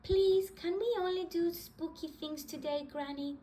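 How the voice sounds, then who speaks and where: Woman doing Peppa Pig, squeaky excited little piglet. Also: a little slow, slight background noise. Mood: eager. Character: cheerful little girl piglet. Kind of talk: storybook read-aloud.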